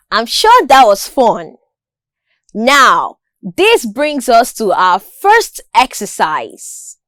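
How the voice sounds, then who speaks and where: A woman's voice: on the high side, big pitch swings, drawn-out words, fairly bright tone, no echo. A woman teaching a school lesson, carefully enunciating words for pronunciation drills.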